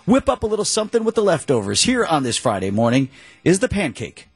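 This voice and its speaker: A man's voice: fairly high pitch, huge pitch swings, fast talker, slightly rough, dry recording. A man hosting a morning show, bantering in a friendly, easygoing way.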